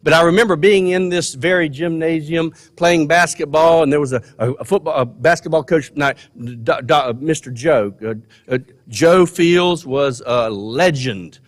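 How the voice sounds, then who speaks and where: An older man with a slightly high voice delivers a commencement speech in a big gymnasium. He speaks in a folksy, earnest way and repeats phrases for emphasis. His voice rings with a long hall echo. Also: normal speed. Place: large college gymnasium.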